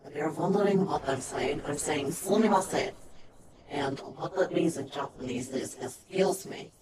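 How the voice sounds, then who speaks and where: A woman's voice: low-pitched, normal speed, very noisy. A woman giving casual, chatty commentary while playing a horror game, explaining things on the side and swearing when annoyed. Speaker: game streamer. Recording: distant mic with loud game music.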